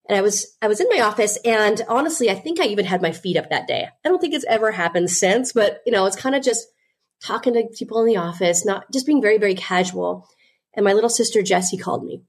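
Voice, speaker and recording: A woman guest and business owner telling her story earnestly, with frequent "you know" fillers. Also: medium pitch. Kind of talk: candid interview storytelling.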